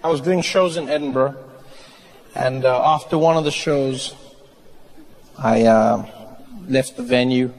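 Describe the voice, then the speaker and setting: A man with a South African accent doing stand-up comedy, telling an animated story and jumping into voices. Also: medium pitch, unhurried, pauses often, big-room sound, low-quality recording. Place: stage in a live venue with a laughing audience. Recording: live crowd and faint noise.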